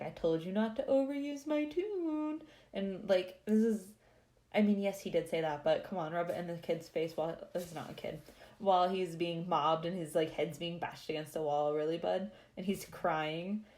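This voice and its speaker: Woman, lowish voice, loose chatty recap host who laughs a lot. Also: steady tone, moderate pace, a little mellow. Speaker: podcast host. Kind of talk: casual chapter recap.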